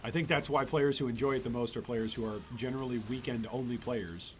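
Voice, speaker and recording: A man talking casually over his gameplay, at a middle pitch for a man. He rambles and drifts into exasperated asides, with faint ambient noise in the background. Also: fairly quick. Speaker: gaming channel host.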